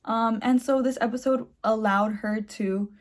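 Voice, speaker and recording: A young woman with a somewhat high voice talks through her reactions in a loose, rambling way, dropping "like" and "um" as she goes. She sounds eager and chatty, speaking into a phone at home late at night. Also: steady tone, unhurried. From Mexican heritage. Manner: chatty, filler-heavy, enthusiastic. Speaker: channel host. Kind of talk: casual reaction vlog.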